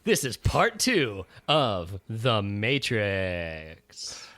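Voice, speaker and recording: A man's voice: on the low side, wildly swooping pitch, drawn-out words, fairly bright tone. A man hosting a comedy movie recap podcast, narrating in a playful, theatrical way. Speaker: podcast host.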